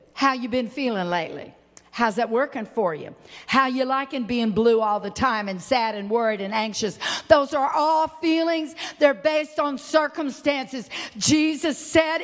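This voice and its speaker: High-pitched lady preacher, fired up, shouts hallelujah, big echoey hall. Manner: fervent, shouting praise, mock dialogue with listeners. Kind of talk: sermon.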